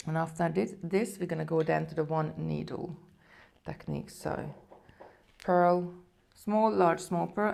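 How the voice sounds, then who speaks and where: Speaking in a low, darkish voice with vocal fry, this woman runs a live beading tutorial. She chats casually and walks her audience through each stage as she goes.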